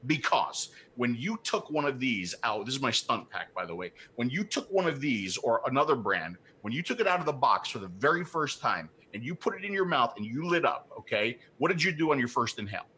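A man's voice: mid-range voice, sing-song, a little fast, few pauses, bright, forceful tone, slight background noise. A man co-hosting a live call-in show, ranting with fire and repeating his points for emphasis. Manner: fired-up ranting, repeats himself. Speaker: co-host.

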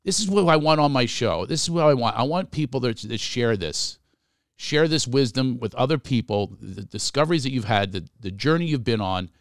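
A man's voice: mid-range voice, expressive, moderate pace, no room sound, studio quality. A middle-aged man from Philadelphia with a Philadelphia accent, hosting a podcast in a jokey, playful way and slipping into comic voices. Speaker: podcast host. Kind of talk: casual interview chat.

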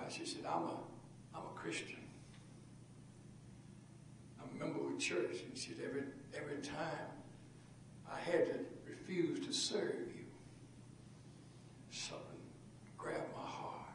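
A man's voice: sits high, distant mic, a little hiss or hum. Older man telling a folksy story in an echoey hall. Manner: folksy, humorous storyteller with repetitions. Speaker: pastor giving a lecture. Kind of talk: storytelling lecture. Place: large lecture hall.

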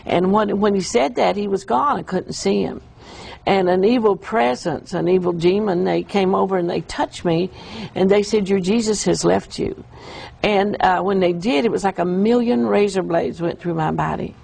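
A woman telling an emotional, halting account of a vision in an interview. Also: mid-range voice, creaky, a little mellow, husky, low-quality recording. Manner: emotional, halting storytelling with restarts. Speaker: guest describing a vision. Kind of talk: earnest testimony in an interview.

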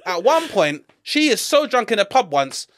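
A man's voice: high voice, moderate pace. A man in his forties with a London accent, a comedian telling stories in a casual interview, laughing often and swearing freely. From London, England. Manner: animated, laughing storyteller who swears often. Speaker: comedian guest.

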